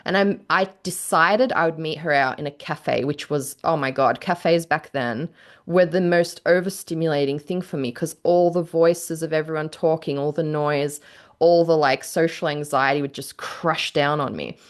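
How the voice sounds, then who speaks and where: A woman with a notably low voice tells a personal story on a podcast. She talks candidly and casually, fills her sentences with "like," and slips into the voices of the people she describes. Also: moderate pace. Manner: candid storytelling, heavy on "like", acts out quotes. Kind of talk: casual chat.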